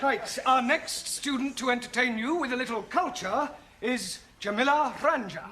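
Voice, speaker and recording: An actor playing a polite, flustered teacher introducing students, over loud studio audience laughter. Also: male voice, very high voice, normal speed, very noisy. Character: flustered English evening-class teacher. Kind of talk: 1970s studio sitcom acting.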